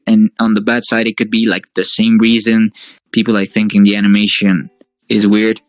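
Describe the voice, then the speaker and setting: A man's voice: fairly low pitch, monotone, moderate pace, dry recording, soft background music, low-quality recording. A man talking as a guest in a casual interview, hesitant and full of fillers and restarts. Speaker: guest, fan-series creator.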